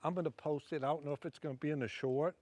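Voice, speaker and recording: A man's voice: fairly high pitch, fairly even intonation, fast, a little mellow, slight background noise. A man with a Southern Louisiana accent chatting casually to livestream viewers while fishing from a wharf at night, rambling between casts.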